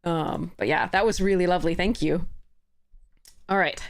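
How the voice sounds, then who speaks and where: A woman's voice: fairly low pitch, fairly even intonation, moderate pace, dry recording, clean studio sound. A woman streamer chatting casually as she plays a card game, laughing often and correcting herself. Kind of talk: casual commentary while playing a card game.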